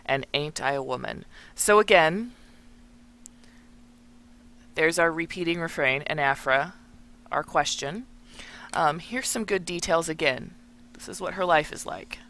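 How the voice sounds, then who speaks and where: Teacher, recorded lesson, explains while annotating, bright tense tone, thinking aloud. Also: mid-range voice, a little slow, pauses often.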